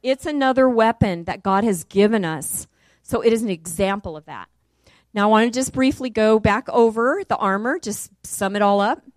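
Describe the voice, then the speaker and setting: A middle-aged woman preaching a sermon and telling a testimony, talking casually and then rising loud and high as the story peaks. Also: moderate pace, no echo, clean studio sound.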